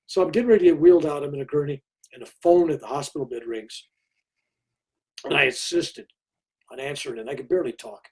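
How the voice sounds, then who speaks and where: Brief: older male guest, husky and warm, a lively storyteller who slips into others' voices. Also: on the high side, fast. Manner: animated storyteller who acts out other people's lines. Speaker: interview guest. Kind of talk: storytelling in conversation.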